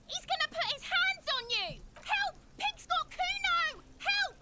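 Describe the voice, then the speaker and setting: A woman's voice: expressive, measured pace, bright, forceful tone, a little hiss or hum, exaggerated voice. A woman voicing a mean, mocking little street girl in a video game who shrieks and jeers. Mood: shrieking. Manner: shrill, mocking.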